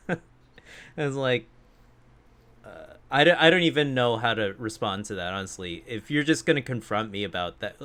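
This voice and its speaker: A man's voice: fairly low pitch, expressive, normal speed, pauses often, a bit bright. A man co-hosting a podcast, telling a profane, laughing story about a rude customer in casual chat. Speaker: podcast co-host.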